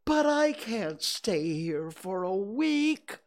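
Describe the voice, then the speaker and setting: A man's voice: high voice, big pitch swings, pitched above the performer's own voice, full character voice. A man doing Winnie the Pooh, an anxious stuck bear. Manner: slow, anxious, gloomy. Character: gentle, plump, anxious teddy bear.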